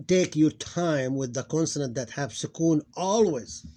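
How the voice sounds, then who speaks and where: Deliberate man teaching syllables. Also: fairly high pitch, expressive, warm tone. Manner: speaks in short broken phrases with many restarts; reads syllables out slowly and deliberately. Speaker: Arabic phonics teacher. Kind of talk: recorded lesson.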